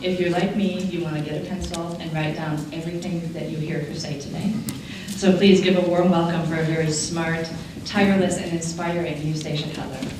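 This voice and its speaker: A woman with a fairly low voice gives an earnest, heartfelt introduction of a keynote speaker. She speaks in a formal speech style. The sound is very roomy and distant, with clear background noise from the hall. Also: level tone, brisk. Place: large conference hall. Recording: echoey hall, distant mic, audible noise.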